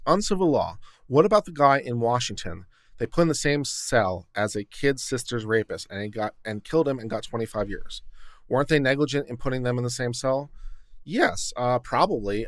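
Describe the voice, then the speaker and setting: A man's voice: mid-range voice, dry recording, clean studio sound. A man, an attorney, hosting a livestream and talking casually, full of fillers and restarts as he hedges and explains. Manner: conversational, hedging, many fillers and restarts.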